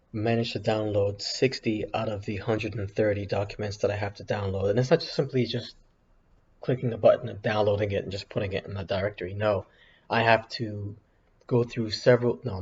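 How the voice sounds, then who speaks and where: A man's voice: on the low side, a little mellow, slightly rough. A man hosting a casual options trading video, talking through charts in a rambling, self-correcting way with apologetic asides. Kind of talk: casual screen-share commentary. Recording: dull lo-fi sound with faint background hiss.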